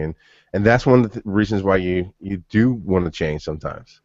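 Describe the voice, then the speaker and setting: A low-pitched man in his thirties talks briskly as a podcast host, telling long personal stories in a rambling way with many restarts. It's casual chat, and the dry audio has a dull, lo-fi quality.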